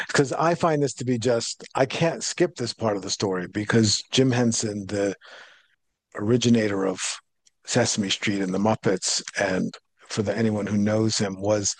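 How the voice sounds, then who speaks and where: A man's voice: on the low side, no room sound. A man with a Rhode Island accent interviews a guest in an earnest, admiring manner. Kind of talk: interview conversation.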